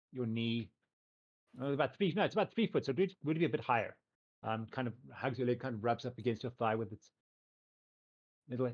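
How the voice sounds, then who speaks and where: A man running a tabletop game as game master, describing scenes loosely with many fillers and hedges. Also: mid-range voice. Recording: dull lo-fi recording.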